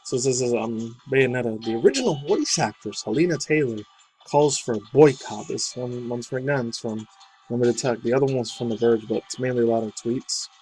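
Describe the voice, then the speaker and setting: Male gaming news commentator, casual rambling asides, slangy, mid pitch, faint game music behind. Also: a little fast, darkish tone, low-quality recording. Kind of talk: casual commentary reading an article.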